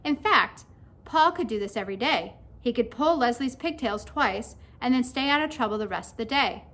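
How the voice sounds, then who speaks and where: A woman narrating a children's story aloud with expressive storytelling. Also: on the high side, normal speed.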